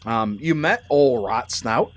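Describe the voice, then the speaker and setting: A man, narrating a tabletop game as game master in a casual, halting way with many restarts. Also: medium pitch, animated.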